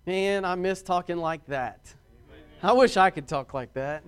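A pastor preaching a sermon in an earnest, heartfelt manner with emphatic repeats. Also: male voice, sits high, measured pace, clean tone, faint music behind.

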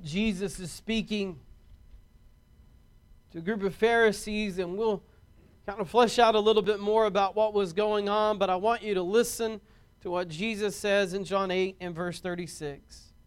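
A pastor preaching a sermon in an earnest, heartfelt manner with emphatic repeats. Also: male voice, sits high, steady tone, normal speed, clear, resonant tone.

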